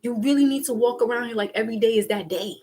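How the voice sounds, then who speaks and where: A woman vlogger giving a casual spiritual pep talk in an animated, slangy way, acting out little quoted exchanges. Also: a little high, racing, a little hiss or hum.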